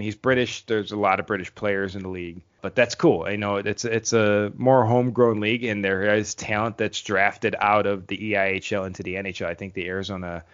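A man co-hosting a sports podcast, explaining teams in an easygoing way with many fillers. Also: lowish voice. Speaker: podcast co-host. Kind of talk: casual sports chat. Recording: dull lo-fi podcast audio.

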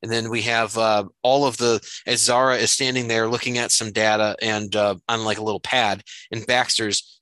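A man's voice: on the low side, moderate pace, hardly any pauses, dry recording, low-quality recording. A man hosting a casual chat, recapping a comic story step by step. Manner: steady recap with frequent fillers.

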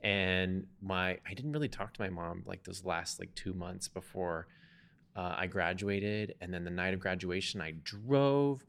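A man in his thirties co-hosting a podcast, telling a personal story in a chatty, animated way. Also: low-pitched. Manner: chatty, animated retelling with quoted dialogue. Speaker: podcast co-host.

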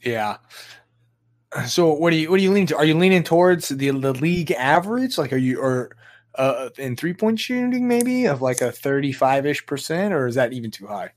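A man hosting a casual podcast chat, talking in a halting way with frequent restarts and easy laughs. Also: fairly high pitch, sing-song. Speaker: podcast host.

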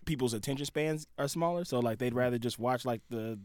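A man's voice: medium pitch, a little fast, a little hiss or hum. A man chatting casually on a podcast, with hesitant fillers. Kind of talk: casual chat.

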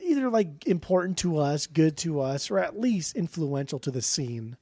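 Male podcast co-host, mellow dark voice, blunt and profane, rambling. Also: on the high side, very animated, moderate pace, no echo, clean studio sound. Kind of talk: casual chat, album review.

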